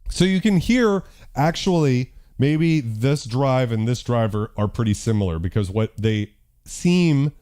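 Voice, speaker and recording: Dude on a synth stream, dark mellow voice, swears a lot, talks it through as he goes. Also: medium pitch, a little slow, few pauses. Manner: loose, profane, self-deprecating, thinking aloud with fillers. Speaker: host demonstrating synthesizers. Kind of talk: casual live-stream demo.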